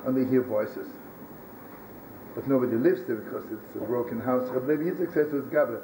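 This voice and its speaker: A man with a weak voice, a rabbi telling stories in a loose, halting way, sprinkled with Yiddish words. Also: medium pitch, fairly even intonation, dark tone. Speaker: rabbi and storyteller. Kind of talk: storytelling sermon. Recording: roomy archival recording from a distance, faint hiss.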